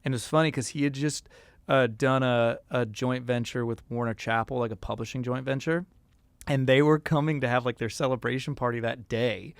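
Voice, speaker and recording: Animated male musician telling stories. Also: medium pitch, fairly quick, creaky, clean tone, no echo. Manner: animated, lots of fillers and acted quotes. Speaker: guest musician. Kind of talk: casual storytelling interview.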